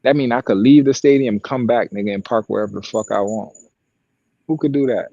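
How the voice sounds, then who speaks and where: A man's voice: medium pitch, fairly quick, creaky, no echo, muffled recording. A man co-hosting a podcast, telling a long profane story in casual chat. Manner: profane, animated storytelling with acted quotes. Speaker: podcast co-host and sideline broadcaster.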